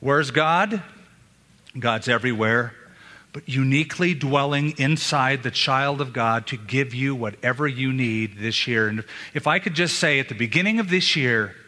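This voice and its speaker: A man's voice: medium pitch, moderate pace, bright, forceful tone. A male pastor preaching a sermon in an earnest manner, asking rhetorical questions of his listeners. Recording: long hall reverb.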